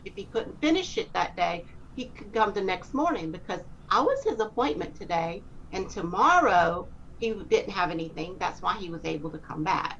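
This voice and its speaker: A woman telling a personal faith story in a rambling, animated way and acting out the dialogue. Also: medium pitch. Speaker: speaker sharing a testimony. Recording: muffled with faint hiss.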